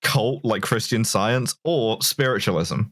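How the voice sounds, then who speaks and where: Low-voiced sardonic man on a podcast. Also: animated, measured pace, a bit bright, dry recording, studio quality. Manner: sardonic, swears freely. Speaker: podcast co-host. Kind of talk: casual chat, profane joking.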